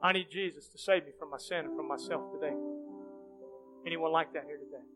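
Music plays behind a pastor whose fairly high voice moves briskly as he leads an altar call in a church sanctuary. He pleads earnestly with the congregation before rising into fervent prayer.

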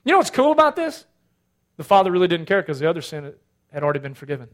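Animated high-voiced preacher man. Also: very fast. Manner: animated preaching, swings from loud emphatic to hushed asides. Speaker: pastor. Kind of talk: sermon.

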